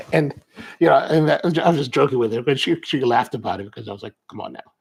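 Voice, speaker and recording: Gravelly man telling a rambling story. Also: medium pitch, expressive, quick pace. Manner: rambling, self-interrupting, amused. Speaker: coffee vlogger. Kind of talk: casual storytelling monologue. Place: suburban Baltimore area.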